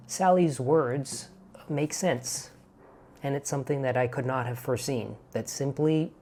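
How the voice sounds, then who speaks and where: A man from Canada talks to his viewers in a gentle, reflective vlog. He tells the story thoughtfully and softly. His tone stays calm and unhurried. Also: medium pitch, slight background noise. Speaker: vlogger.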